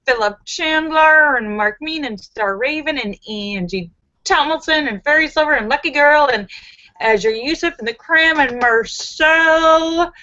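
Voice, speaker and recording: A giggly, sassy woman chats to viewers on a live stream and reads jokes aloud. Her voice is high, bright and lively, with a relaxed, unhurried pace. The audio is a little dull and lo-fi. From United States. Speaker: vlogger hosting a live stream. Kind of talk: casual live stream chat reading jokes.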